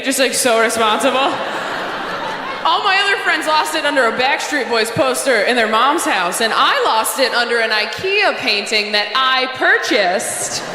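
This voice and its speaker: A woman performing stand-up comedy with a brisk, matter-of-fact delivery. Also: a little high, noisy background. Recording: live hall reverb, faint ambience.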